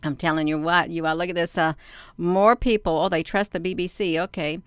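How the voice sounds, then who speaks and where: A woman's voice: lowish voice, fairly even intonation, a little fast, clean tone, dry recording, clean studio sound. A woman hosting a casual livestream, chatting with viewers and commenting on a news article she reads aloud, laughing often and calling her audience "you all," recorded on a phone. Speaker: livestream host.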